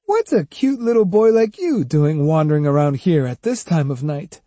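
A sly, teasing woman of the night, put on by a male reader in an audiobook. She mocks and coaxes in a high, sing-song lilt, her tone swooping up and down. The voice is husky and close, in a dry room. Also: sing-song, normal speed, dark tone, no echo. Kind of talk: audiobook character voice.

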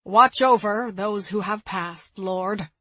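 A woman voicing a pious, firm older woman in an audiobook, speaking in a loud, slow, prayerful way. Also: mid-range voice, dry recording. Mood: reverent. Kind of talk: audiobook character reading.

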